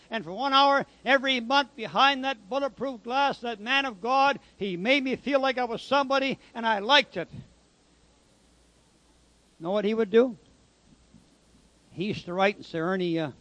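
A man's voice: extremely high pitch, fairly bright tone, no room sound. A man giving a preaching testimony as a former convict, telling his story in an emphatic, dramatic way.

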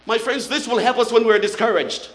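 High-voiced older man preaching in echoey hall. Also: brisk. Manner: earnest preaching, drops to soft awed tones. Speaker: pastor. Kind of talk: sermon. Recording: roomy hall echo.

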